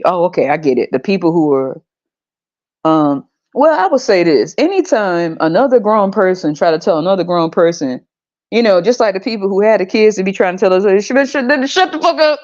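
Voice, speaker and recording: A woman's voice: on the low side, lively intonation, moderate pace, darkish tone. A woman hosting her own podcast, ranting in a blunt, profane and sarcastic way. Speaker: podcast host. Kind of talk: casual podcast rant. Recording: dull lo-fi recording.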